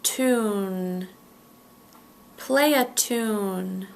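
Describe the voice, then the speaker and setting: Woman teacher doing slow pronunciation drills, says words twice, bit of vocal fry. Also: medium pitch, slight background noise. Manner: models words carefully, repeating each one.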